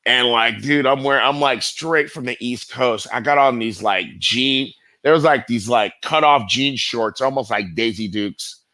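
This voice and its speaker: A man's voice: mid-range voice, measured pace, few pauses, sharp tone, dry recording. A middle-aged man telling stories as a guest in a casual interview, rambling and profane, full of fillers. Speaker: guest skateboarder.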